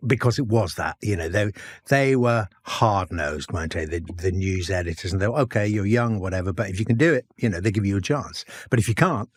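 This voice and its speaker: A man's voice: fairly low pitch, lively intonation, brisk, breathy edge, no echo. Chatty male interviewer, dry close sound. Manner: encouraging, chatty, stumbles and repeats words. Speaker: podcast host, interviewer. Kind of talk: conversational interview.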